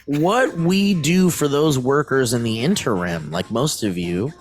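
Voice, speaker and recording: A man co-hosting a podcast, reading a news item aloud before breaking into loose chat. He stumbles and restarts often, filling gaps with "uh" and "like," and sits at an ordinary, middling pitch. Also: lively intonation, crowd noise. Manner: halting, many fillers and restarts. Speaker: podcast co-host.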